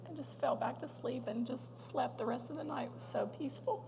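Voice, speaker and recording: A woman speaking as a guest at a women's luncheon, sharing a personal testimony in a heartfelt, halting way that sometimes sinks to a near whisper. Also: high-pitched, gravelly, background noise.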